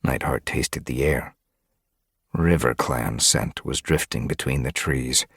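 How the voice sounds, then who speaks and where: A man narrating an audiobook with steady storytelling. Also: extremely low pitch, takes it slowly, husky, no echo, studio quality. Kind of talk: scripted narration.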